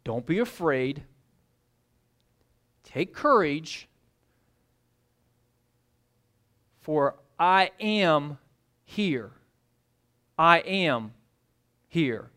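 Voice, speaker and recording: A woman preacher voicing a joyful, encouraging adult man who praises his follower with drawn-out emphasis. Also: very high voice, animated, voice pushed up. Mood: calm reassuring.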